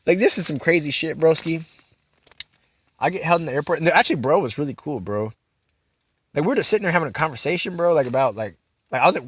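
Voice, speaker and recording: A man's voice: fairly high pitch, animated, fast, pauses often, a bit bright, husky. A young man telling a rambling, profane story in a vlog, full of slang and fillers. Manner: rambling, profane, filler-heavy slang, says "bro" constantly. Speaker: vlogger.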